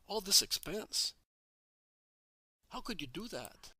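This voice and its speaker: A man reading the lines of a grudging, suspicious male peasant, questioning slowly and doubtfully. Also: high voice, sing-song, pushed and bright, husky, no room sound, clean studio sound, voice pushed up, full character voice.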